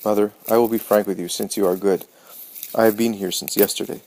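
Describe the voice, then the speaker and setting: A man's voice: on the low side, steady tone, brisk, a little mellow, lightly acted, poor audio. A man voicing an evasive, scheming young male disciple who answers hesitantly, in an audiobook reading.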